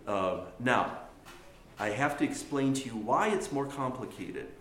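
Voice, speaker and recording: A man gives a classroom lecture on chant, restarting phrases as he explains and demonstrating examples aloud. His voice sits at a middling pitch. The room is heavily reverberant, with a faint hiss underneath. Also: animated, unhurried, fairly bright tone. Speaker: chant teacher. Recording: very echoey room with faint noise.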